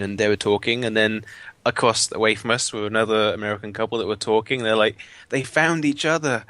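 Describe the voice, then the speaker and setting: A man's voice: on the low side, a little fast, sharp tone, dry recording. A man chatting casually on a gaming podcast, telling rambling stories and often repeating his words. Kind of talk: casual chat.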